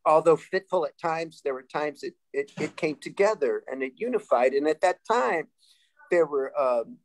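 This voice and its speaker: A man in his sixties from Sacramento, California, telling lively stories as a panel guest, laughing and restarting often. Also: on the high side, normal speed, poor audio. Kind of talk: casual storytelling.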